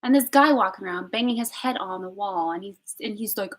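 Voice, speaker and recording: A young woman telling a personal story on a live stream, candid and emotional, swinging between loud outbursts and hushed whispers. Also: mid-range voice, fairly quick, hardly any pauses, poor audio. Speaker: vlogger.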